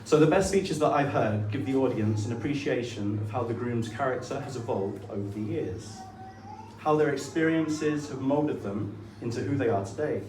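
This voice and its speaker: A man's voice: medium pitch, moderate pace. A man giving a best man speech with dry, mock-grand humour. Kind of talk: wedding speech. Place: wedding reception hall. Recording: echoey room, mic from far off, audible noise.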